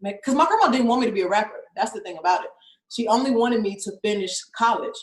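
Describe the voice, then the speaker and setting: A woman's voice: mid-range voice, animated, quick pace. A young woman rapper, chatting in an interview, laughing often and saying "like" constantly. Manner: laughs often, fills speech with "like". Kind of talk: casual interview chat. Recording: roomy echo.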